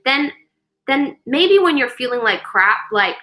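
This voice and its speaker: Bright, upbeat woman chatting on a live stream. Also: high-pitched, sing-song, a little slow, low-quality recording. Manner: chatty and upbeat, with many fillers and restarts. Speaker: host of a daily live meditation stream. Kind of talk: casual live-stream chat.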